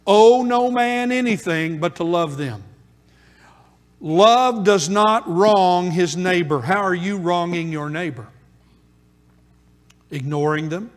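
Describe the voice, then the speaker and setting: A male pastor preaching a sermon in a church, repeating key phrases with emphatic rhythm. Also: high voice. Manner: emphatic, repetitive preaching cadence. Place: church sanctuary. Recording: long hall reverb.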